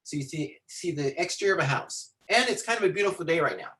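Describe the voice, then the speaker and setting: A man teaching storytelling to visual artists, animated and rambling with many fillers and restarts, talking into a computer on a video call. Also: on the high side, fast, poor audio. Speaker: storytelling instructor. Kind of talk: lecture with acted-out anecdote.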